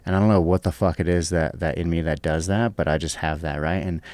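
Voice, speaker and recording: A man's voice: low-pitched, fairly even intonation, fast, a little mellow, no room sound. A young man chatting casually on a podcast, rambling with lots of fillers and swearing. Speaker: guest, pro fighter.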